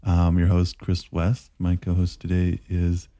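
Deep, mellow-voiced male podcast host. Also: a little slow, no echo, clean studio sound. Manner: relaxed, rambling, self-deprecating. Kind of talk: casual podcast chat. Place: Las Vegas studio.

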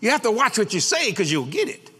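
A man's voice: high voice, big pitch swings, quick pace, sharp tone, husky. A man preaching a sermon, folksy and boastful, laughing at his own lines. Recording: long hall reverb.

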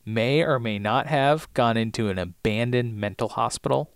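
A man's voice: mid-range voice, moderate pace, smooth, no echo, clean studio sound. A man co-hosting a podcast, casually recapping TV episodes with a joking, playful manner. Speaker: podcast co-host.

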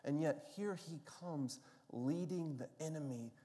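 A man's voice: fairly high pitch, measured pace, mellow. A man preaching a sermon as pastor, telling stories in a conversational way and often asking the listeners questions. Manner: conversational storytelling with rhetorical questions. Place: church sanctuary. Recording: long reverb of a large hall.

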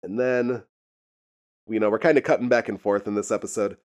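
A man's voice: fairly low pitch, steady tone, brisk, darkish tone. A man casually recapping a TV episode, rambling and laughing often, with frequent profanity. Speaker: podcast host recapping a TV episode. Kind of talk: casual chat.

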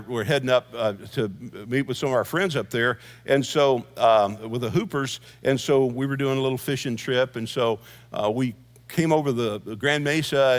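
A middle-aged man, a senior pastor preaching a sermon in a conversational storytelling way, with asides and easy laughs. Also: mid-range voice.

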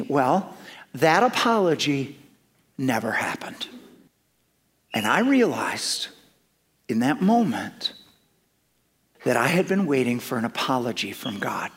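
A middle-aged man preaching a sermon, telling personal stories with lively swings from loud emphasis to hushed asides. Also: fairly high pitch. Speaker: pastor.

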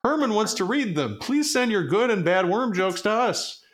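This podcast co-host has a high-pitched, sing-song, slightly bright voice at normal speed. He chats casually and reads aloud in a goofy, meandering way, swearing plenty.

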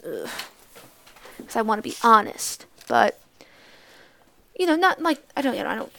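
A woman's voice: fairly high pitch, wildly swooping pitch, normal speed, creaky, sharp tone, slight background noise. A young woman hosting a podcast, telling a story in a blunt, profane, rambling way. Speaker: podcast host. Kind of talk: casual storytelling monologue.

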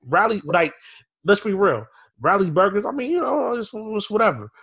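A man's voice: high voice, normal speed, slightly rough. A man co-hosting a podcast, ranting with mock fury in casual chat. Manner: animated, mock-furious ranting. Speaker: podcast co-host.

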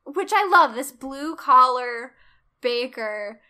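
A woman with a bright, somewhat high voice tells a movie's story to a friend in a relaxed, chatty way. She jumps between narration and little acted-out quotes and laughs as she goes. The tone is an easy, conversational podcast tone. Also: slow, clear, resonant tone. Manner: animated storyteller, acts out quotes, laughs often. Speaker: podcast co-host. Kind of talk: casual film recap chat.

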